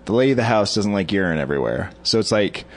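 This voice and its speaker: Low, lively man co-hosting a podcast. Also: fast talker. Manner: brief back-channel replies, dry remarks. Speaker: podcast co-host. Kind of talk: casual chat, listening and reacting.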